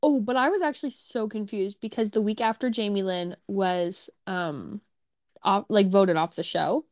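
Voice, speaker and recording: A woman co-hosting a podcast in casual chat, asking quick follow-up questions. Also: medium pitch, a little mellow, no room sound, studio quality. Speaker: podcast co-host.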